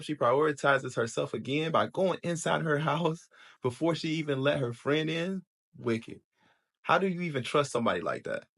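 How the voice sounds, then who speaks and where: Guy hosting, reads his take on the story, steady mid voice, asks viewers at the end. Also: medium pitch. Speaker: commentary host. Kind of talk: scripted commentary.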